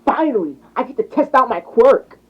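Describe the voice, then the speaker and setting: A young man doing a brash, loud teen boy. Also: lively intonation, normal speed, a little hiss or hum. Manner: loud, pushy, raised pitch. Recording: tinny phone mic.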